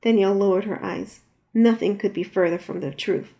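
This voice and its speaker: A woman with a creaky, dark-toned voice reads her own novel aloud at normal speed for an audiobook, keeping her intonation fairly even. When characters speak, she raises her pitch and adds force to their lines.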